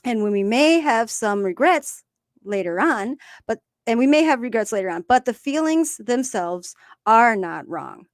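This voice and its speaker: A woman's voice: a little high, a little slow, no echo, studio quality. A woman co-hosting a casual recovery discussion, talking openly and with feeling about her own life. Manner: open, emotional, animated storytelling. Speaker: podcast co-host.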